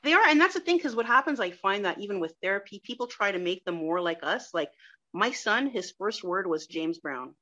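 An enthusiastic woman talks as a guest in a conversational interview, animated and quick to laugh. Her voice sounds bright and forceful, on a dull, lo-fi recording. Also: medium pitch.

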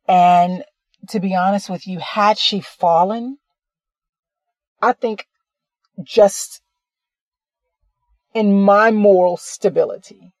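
A woman's voice: mid-range voice, fairly even intonation, takes it slowly, long pauses, no echo. Chatty woman telling a story, dry sound. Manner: rambling, conversational, self-correcting. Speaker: podcast host. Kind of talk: casual personal storytelling.

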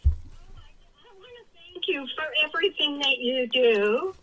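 Slow, soft-spoken woman caller. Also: high voice, animated, dull audio. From California.

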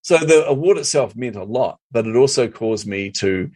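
A man's voice: mid-range voice, expressive, normal speed, a little mellow. A middle-aged man, telling stories as a guest in an interview and acting out his own reactions. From New Zealand. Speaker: podcast guest, marketing coach. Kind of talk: storytelling interview chat.

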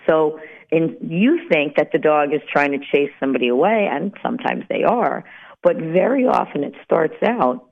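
Woman radio host, dog-training advice, conversational and wry, tinny phone-line sound. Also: on the low side. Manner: lively, conversational, lightly joking. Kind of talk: radio talk show monologue.

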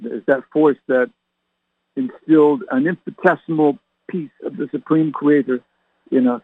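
A man's voice: on the high side, fairly even intonation, moderate pace, breathy edge, no echo. A man preaching as a reverend, firing rhetorical questions at his listeners and calling them his friends. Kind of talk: radio sermon. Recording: tinny phone-like radio sound, dry.

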